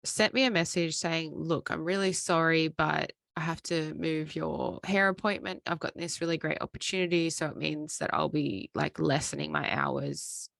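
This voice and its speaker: Gravelly low woman podcast co-host. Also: normal speed, hardly any pauses, no room sound, clean studio sound. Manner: easygoing storyteller, calm advice giver. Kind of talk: casual chat.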